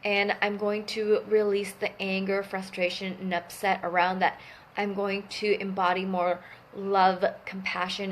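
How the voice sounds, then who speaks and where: A young adult woman talking casually to camera about her personal practice, earnest and gentle, often stopping to correct her own words. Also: mid-range voice, slight background noise. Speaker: wellness vlogger.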